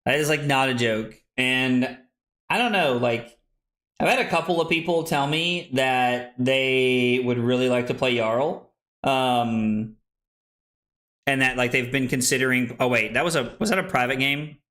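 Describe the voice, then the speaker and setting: A young man streaming a card game, chatting casually, excitable, laughing and swearing freely as he plays. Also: medium pitch, measured pace. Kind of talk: casual live-stream chat while playing.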